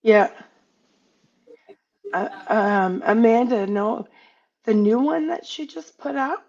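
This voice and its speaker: A woman hosts a livestream, talking slowly and hesitantly with a gravelly edge. She reads out questions from chat. The audio is dull and lo-fi. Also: fairly high pitch, lively intonation, a little mellow. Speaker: livestream host.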